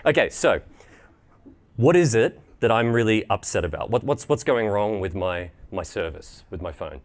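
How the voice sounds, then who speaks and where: An Australian man giving a live presentation at a tech event, animated and joking, with quick restarts. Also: lowish voice.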